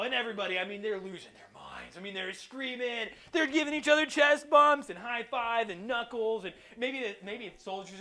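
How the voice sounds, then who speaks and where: A man giving a lively children's church sermon, telling stories and acting out voices. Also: high-pitched, brisk, hardly any pauses. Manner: animated storyteller, acts out voices. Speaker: kids church preacher.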